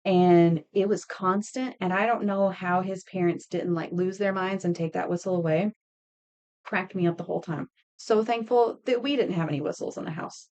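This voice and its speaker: A woman's voice: on the low side, moderate pace, a little mellow. A woman in her thirties chatting casually with viewers while making earrings on a live stream, telling stories and laughing. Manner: chatty, laughing, reading and answering chat. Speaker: craft streamer.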